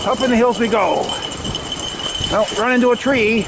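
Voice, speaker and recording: High-voiced man coaxing his dogs outdoors. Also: a little slow, vocal fry. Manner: coaxing, repeats short commands to the dogs. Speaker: vlogger biking with his dogs. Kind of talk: casual talk to his dogs while riding. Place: outdoors in snowy woodland. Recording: outdoor wind noise.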